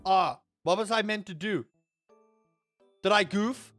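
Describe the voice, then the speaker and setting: A man, chatting casually and rambling with animated grumbles while streaming a game. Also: high-pitched, takes it slowly, soft background music. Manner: rambling, animated, lots of restarts and grumbling asides. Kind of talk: casual live-stream chat while playing.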